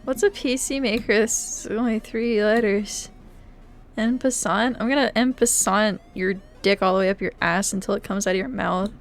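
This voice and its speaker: A young woman streaming live, chatting casually with her viewers, playful and laughing, swinging between loud outbursts and quiet mumbling. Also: medium pitch, normal speed. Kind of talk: casual live-stream chat while playing games.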